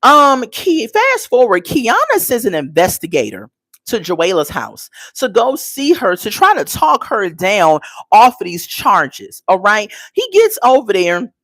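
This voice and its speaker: A woman breaks down a reality episode in a chatty, opinionated recap, acting out what the cast said. Her voice swoops up and down with lively pitch, and the sound is close and dry. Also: a little slow, no room sound, low-quality recording. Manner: chatty and opinionated, acts out quotes; frequent "okay?" tags. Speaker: reality show reviewer. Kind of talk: casual recap commentary.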